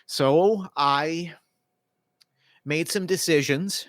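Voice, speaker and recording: A man narrating and playing in a tabletop role-playing game, animated and cursing in frustration. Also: fairly high pitch, very slow, no room sound, clean studio sound. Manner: animated, swearing, laughing. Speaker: player or game master.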